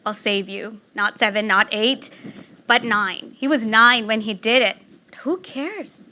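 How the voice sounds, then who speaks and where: A middle-aged woman giving a personal storytelling talk, animated and laughing, acting out excited quotes. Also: on the high side, measured pace, a little hiss or hum. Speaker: speaker giving a public talk.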